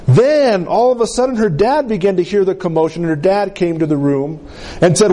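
A man preaching a sermon, telling a healing story in a slow, dramatic way with deep drops in his voice. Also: warm tone.

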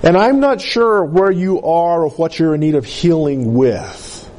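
Man, preacher, high voice, sermon storytelling, slow dramatic delivery, sweeping pitch drops. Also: a little mellow, slight background noise.

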